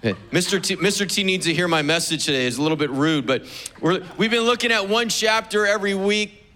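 Bright-voiced joking pastor. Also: male voice, high-pitched, brisk. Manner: relaxed, joking preacher. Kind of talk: sermon. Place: church service.

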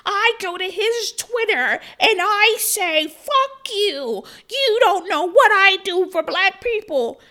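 A woman putting on the voice of an upset, tearful woman defending herself online, shrill and self-righteous. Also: expressive, slow pace, few pauses, bright, forceful tone, exaggerated voice. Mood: indignant.

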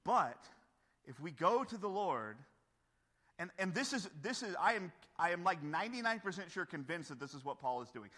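Pastor, man, fairly high and bright; earnest sermon delivery, punchy emphasis; hall reverb. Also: sing-song, moderate pace. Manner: earnest, rising to forceful emphasis.

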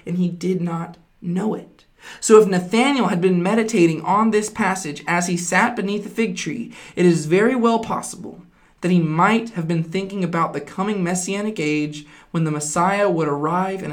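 A Bible teacher explaining a passage earnestly, stressing points with repeated phrases and frequent "right?" check-ins. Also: medium pitch.

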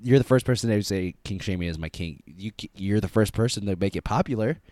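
A young man with a low voice rambles and teases his co-host on a casual podcast. The sound is dry and close to the mic. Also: a little fast, a little mellow, no room sound. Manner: rambling, teasing banter. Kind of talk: casual chat.

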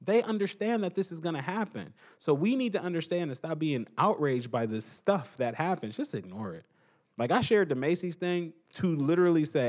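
A young man hosting a podcast, giving an animated casual opinion monologue and repeating his points for emphasis. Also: on the high side, moderate pace. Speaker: podcast host.

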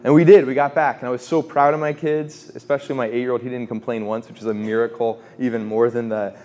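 A man in his thirties giving a faith talk, telling a personal story in a chatty, animated way with restarts and laughs. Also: mid-range voice, fast talker. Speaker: speaker at a formation talk.

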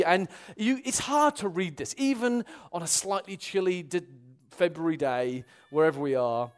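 A young man's voice sits high and clean as he preaches at a moderate pace. Animated and earnest before the congregation, he climbs to loud exclamations, then drops to quiet, serious tones.

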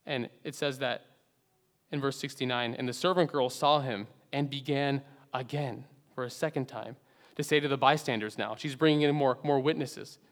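A man delivers an earnest, dramatic sermon, building to loud emphasis before sinking into hushed, low endings. His mid-pitched voice keeps a steady tone at a normal speed, and a long reverb carries it as if through a large church sanctuary.

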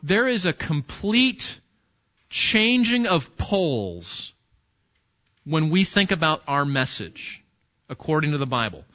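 A male pastor preaching an animated sermon and talking straight to his listeners. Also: on the high side, slow pace. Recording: dull lo-fi recording.

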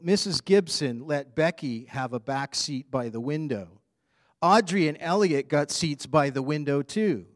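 A man's voice: on the high side, no room sound, studio quality, voice pushed up. A man voicing a grumpy young boy who complains about his bad day, reading a storybook aloud.

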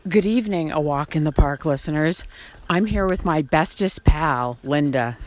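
A woman's voice: low voice, normal speed, a little hiss or hum. A woman hosting a podcast, chatting playfully and teasingly while out on a hike outdoors. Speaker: podcast host. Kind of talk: casual chat recorded on a hike. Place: outdoors on a trail.

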